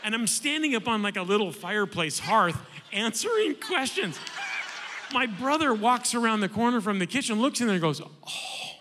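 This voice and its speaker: A man on a church conference panel telling a lively anecdote, acting out the other voices. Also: high voice, moderate pace, background noise. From Southern California. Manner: animated, acts out voices in anecdotes. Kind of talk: storytelling on a panel. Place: large church hall. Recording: long hall reverb.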